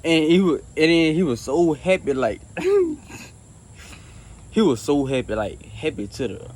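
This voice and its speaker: A man's voice: fairly high pitch, very animated, takes it slowly, darkish tone. Rambling earnest man telling a testimony. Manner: rambling and repetitive, many restarts. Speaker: storyteller sharing a faith testimony. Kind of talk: casual spoken testimony.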